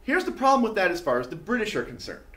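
A man teaching a history class in a chatty, animated way, pointing things out on a map as he talks. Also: sits high, quick pace. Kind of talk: classroom lecture. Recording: distant mic with faint room noise.

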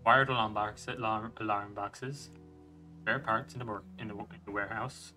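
A man's voice: on the low side, steady tone, normal speed, bright, forceful tone, soft background music. A man streaming a video game and thinking aloud as he plays, chuckling and restarting his sentences. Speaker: gaming streamer. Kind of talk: let's play commentary.

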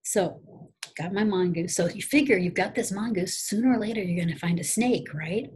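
A middle-aged woman, a teacher, telling a casual, animated story to her students in a chatty way. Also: mid-range voice, brisk, a little hiss or hum, low-quality recording. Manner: animated, chatty, repeats phrases, acts out shouted quotes.

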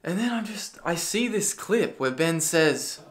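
A man delivering a ranting commentary video, sarcastic and profane, now and then bursting into yelling. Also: on the high side, expressive, unhurried. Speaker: political commentary video creator.

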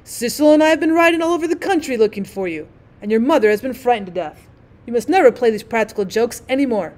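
A woman reading the lines of a worried father who scolds his lost daughter loudly and with exasperation, in a storybook reading. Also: fairly high pitch, lively intonation, quick pace, close to an everyday voice. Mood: exasperated. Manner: loud and exasperated.

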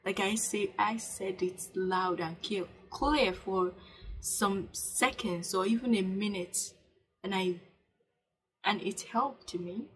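A woman's voice: medium pitch, slow pace, low-quality recording. A young woman vlogging casual self-help advice to camera, earnest and repetitive, with many fillers and restarts. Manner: coaching, urges viewers to speak aloud.

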